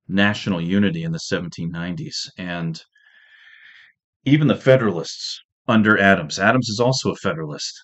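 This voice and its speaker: Low-voiced man giving a casual history lecture. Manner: conversational, with restarts and jokey asides. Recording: dull lo-fi audio.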